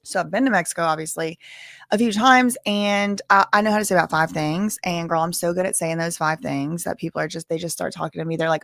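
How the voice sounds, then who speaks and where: A woman's voice: on the low side, fast talker, gravelly, a bit bright, no echo, clean studio sound. A woman hosting a livestream, chatting casually and rambling off on tangents. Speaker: livestream host.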